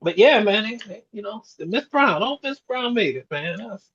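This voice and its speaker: Older guy in his 60s, cohost, tells stories and chuckles a lot, kinda husky, lo-fi sound. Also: high-pitched, animated, moderate pace, a bit bright. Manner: storytelling, reflective, chuckles often. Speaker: co-host. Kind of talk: casual chat. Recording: dull lo-fi sound.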